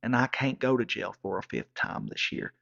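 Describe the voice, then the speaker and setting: A man's voice: on the low side, huge pitch swings, normal speed, gravelly, a bit bright. A man telling a rowdy, profane comic story in a rambling backwoods way, as a regular storyteller. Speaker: comedic storyteller. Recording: dull lo-fi recording.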